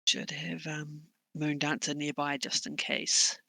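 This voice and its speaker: Bright, hesitant tabletop game player. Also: female voice, low voice, monotone, a little slow, vocal fry, no room sound, poor audio. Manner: hesitant, chatty, with many fillers. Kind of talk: casual tabletop game chat.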